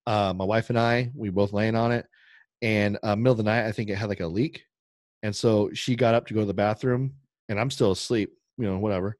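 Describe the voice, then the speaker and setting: This podcast co-host has a lowish voice and speaks a little fast, rambling through a long, animated story during casual chat and acting out the other people's lines along the way. The recording is dry, with clean studio sound.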